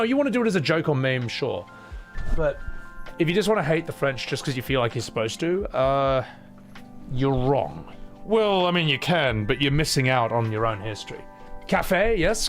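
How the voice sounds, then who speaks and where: A male streamer riffing with his chat in a loose, joking way, cursing freely as he goes. His voice swings up and down a lot as he talks. Soft music runs faintly in the background. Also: mid-range voice. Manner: animated, joking, swears freely. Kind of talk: casual chat with a live chat.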